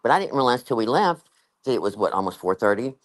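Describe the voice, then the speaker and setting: A man's voice: medium pitch, big pitch swings, fast talker. A man, rambling in casual chat as a guest, with lots of fillers and laughter.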